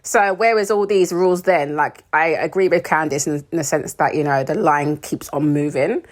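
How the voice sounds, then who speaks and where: A British woman with a low voice chats through a reality TV recap in a casual, sarcastic way. She is opinionated and laughs often. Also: normal speed. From United Kingdom. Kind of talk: casual commentary.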